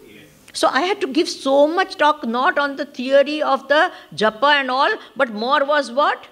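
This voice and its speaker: A woman's voice: sits high, normal speed. A woman with an Indian accent giving a spiritual lesson on Vedanta. She often checks in with her listeners, switches into Hindi now and then, and laughs as she explains. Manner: animated, laughs while explaining. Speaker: spiritual teacher. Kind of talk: Vedanta discourse.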